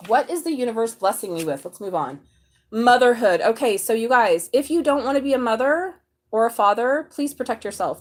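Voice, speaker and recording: An expressive woman hosts a live tarot reading, moving between reading card passages aloud and reacting to them with surprise. Her delivery is animated and candid, with sudden bursts of emotion between the calmer reading. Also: fairly high pitch. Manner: animated, exclaiming and laughing while reading cards aloud. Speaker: tarot reader.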